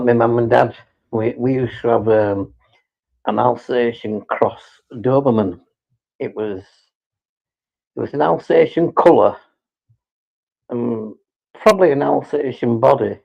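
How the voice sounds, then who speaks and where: Male streamer, casual and sweary, with a raspy, fry-laden voice over muffled audio. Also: medium pitch, unhurried, long pauses. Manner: rambling, sweary, teasing. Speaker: live stream host. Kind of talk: casual live-stream chat.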